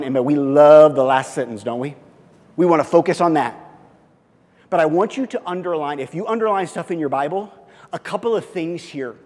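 Man, pastor, sermon, fairly high voice, swings from loud emphasis to soft intensity, long church reverb. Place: church sanctuary.

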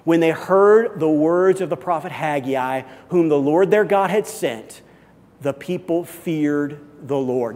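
A man's voice: on the high side, slow pace, darkish tone. A male pastor preaching a sermon in an earnest, emphatic way, repeating key phrases. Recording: long hall reverb.

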